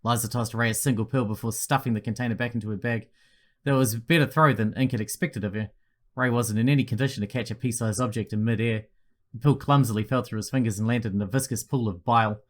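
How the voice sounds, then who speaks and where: A man's voice: medium pitch, steady tone, quick pace. A man reading a text story game aloud, with blunt swearing asides. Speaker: let's-play narrator.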